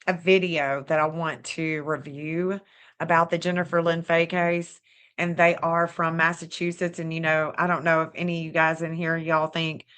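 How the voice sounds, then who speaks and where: A woman's voice: deep voice, little pitch movement, moderate pace, fairly bright tone, clear, resonant tone. A middle-aged woman with a Southern accent, chatting casually on a livestream, rambling and restarting her sentences. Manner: rambling, repeats herself, frequent restarts and small laughs. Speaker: online true-crime astrology host.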